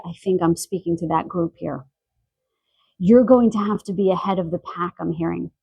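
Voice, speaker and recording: A woman giving a spiritual pick-a-card reading, gentle and searching, relaying messages with pauses and fillers. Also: on the low side, no room sound, low-quality recording. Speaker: tarot card reader. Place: quiet room in the evening.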